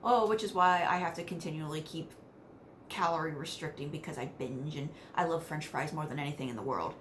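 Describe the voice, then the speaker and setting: A woman's voice: sits low, fairly quick. Woman vlogging about her weird aunt, chatty, laughs a lot, faint hum behind. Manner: chatty, laughs between sentences, animated asides. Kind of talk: casual storytelling to camera.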